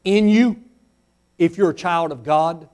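A man preaching a sermon as pastor in a church, with sudden swells in pitch and volume, acting out questions from imagined listeners. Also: measured pace, darkish tone.

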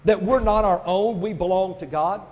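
A man with a high voice preaches a sermon, spinning everyday stories before driving his point home in loud, punchy bursts. The sound rings with a long echo from a church hall. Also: moderate pace. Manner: storytelling preacher, building to loud emphatic bursts. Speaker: pastor.

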